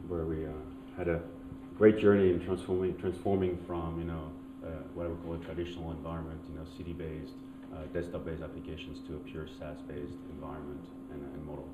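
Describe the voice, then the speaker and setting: A man's voice: very deep voice, flat delivery, brisk. A man speaking as a guest in a conference fireside chat, fluent business talk with restarts. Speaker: guest, engineering executive. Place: conference stage. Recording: roomy hall on a tinny, noisy line.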